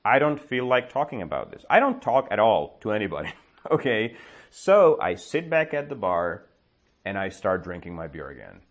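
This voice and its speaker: A man teaching English, telling a story slowly to a class and checking their understanding with quick questions. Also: lowish voice, big pitch swings. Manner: slow, exaggerated storytelling with comprehension checks. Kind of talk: storytelling lesson with questions to learners.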